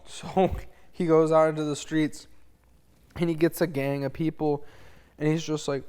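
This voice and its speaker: A man's voice: on the high side, flat delivery, measured pace, long pauses, darkish tone, smooth. Rambling young man telling history drunkenly. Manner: loose, rambling, slangy retelling with goofy quoted voices. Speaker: student narrator. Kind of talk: drunk history parody storytelling.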